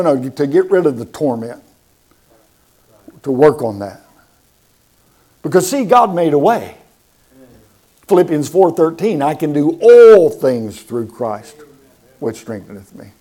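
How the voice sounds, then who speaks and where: A man's voice: mid-range voice, lively intonation, a little slow, long pauses, a little mellow. A man preaching a sermon, emphatic and repeating words for stress, asking the congregation questions.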